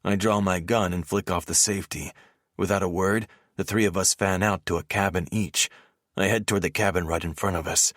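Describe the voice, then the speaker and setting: A man narrating a first-person romance audiobook in a steady, measured reading voice on a close mic. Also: low voice, no room sound.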